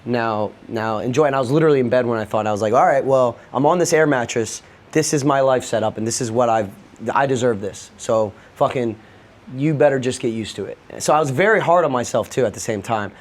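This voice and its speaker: A man's voice: mid-range voice, a little fast. A young man on a podcast, candidly telling a personal story in a loose, rambling way, peppered with swearing. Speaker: podcast guest.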